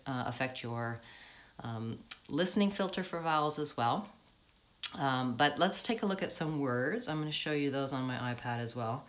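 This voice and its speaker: An American woman who coaches accents, giving a live pronunciation lesson, explaining patiently and modeling words slowly with frequent ums. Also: rumbling low.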